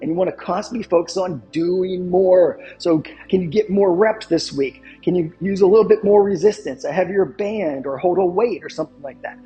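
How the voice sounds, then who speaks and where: High-voiced emphatic male fitness coach. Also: normal speed, hardly any pauses, dark tone, muffled recording, soft background music. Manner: emphatic, repeats catchphrases and asks the viewer rhetorical questions. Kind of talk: instructional fitness talk to camera.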